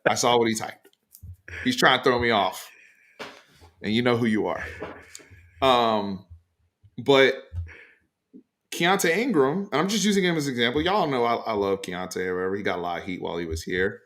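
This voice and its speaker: A man hosts a casual sports talk show, pressing his opinions hard and leaning on fillers as he goes. His voice sits at an ordinary middle pitch. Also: moderate pace, long pauses. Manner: animated, emphatic opinions with frequent fillers. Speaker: sports podcast host.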